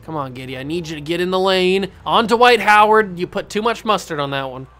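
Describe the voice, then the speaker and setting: A young man giving casual live commentary on a basketball video game, getting worked up and yelling at his players, then owning his mistakes. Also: high-pitched, fairly quick, faint music behind. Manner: excitable, yells at his players, then blames himself. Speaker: gaming YouTuber playing a basketball video game.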